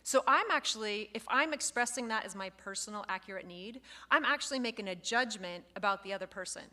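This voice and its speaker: A woman instructor giving a lively lecture to a live class, acting out example phrases as she goes. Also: medium pitch, brisk. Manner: lively, expressive, acts out quoted phrases.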